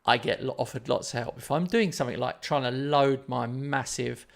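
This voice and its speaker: A man's voice: mid-range voice, fairly even intonation, normal speed, vocal fry. A man telling a story in casual chat on his live stream, rambling and self-deprecating.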